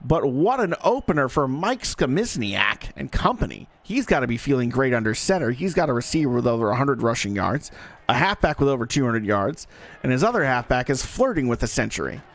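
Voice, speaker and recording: A man's voice: mid-range voice, very animated, fairly quick. A man giving live play-by-play commentary on a simulated football game in a folksy, joking manner that talks straight to the audience.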